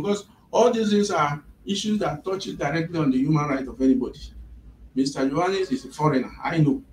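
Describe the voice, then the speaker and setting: A man's voice: a little high, a little fast, a little mellow, a little hiss or hum. A man, retelling events step by step as an employer's representative in a mediation session. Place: office. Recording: echoey room from a distant mic.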